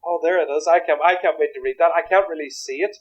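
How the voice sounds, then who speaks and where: A man with a Derry accent talks easily about his experiences and laughs at himself. His voice sits a little high, and it comes through a muffled, lo-fi video call line. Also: quick pace. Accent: Derry, Northern Irish. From Derry, Northern Ireland. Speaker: guest, author and speaker. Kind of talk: casual interview answers. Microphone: remote video call. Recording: dull lo-fi call audio.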